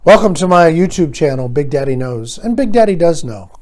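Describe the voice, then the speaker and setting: Older male host, sardonic rambling monologue, jumps from loud to muttered. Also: on the high side, animated, a little fast. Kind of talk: comic monologue.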